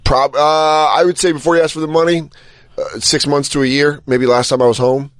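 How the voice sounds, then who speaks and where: A man's voice: a little high, a little fast, no echo, clean studio sound. A young man co-hosting a podcast, telling stories casually and acting out what people said to him. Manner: animated storyteller, acts out quotes. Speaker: podcast co-host. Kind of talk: casual chat.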